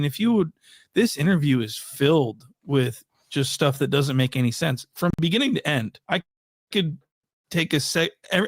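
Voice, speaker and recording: A man's voice: a little high, dry recording. A man giving mocking online commentary in an incredulous, scoffing way. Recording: dry close recording.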